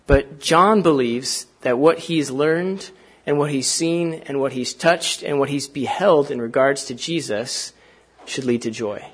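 A man preaching a sermon to a church congregation, talking in a conversational way with fillers and asides, and reading scripture aloud slowly. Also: mid-range voice. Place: church sanctuary.

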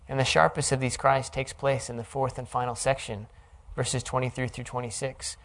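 A man delivers an earnest, reflective sermon, explaining the text line by line. His voice sits at a middle pitch with a noticeable gravelly fry. He talks in a thoughtful teaching tone. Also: flat delivery, normal speed, hardly any pauses, fairly bright tone. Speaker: Bible teacher.

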